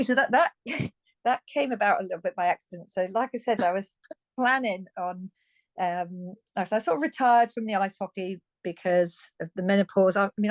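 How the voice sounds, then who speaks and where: A woman's voice: medium pitch, no room sound. Chatty British woman in her fifties. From United Kingdom. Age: 50s. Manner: chatty and frank, many restarts and little laughs. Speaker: guest. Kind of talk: candid conversational storytelling.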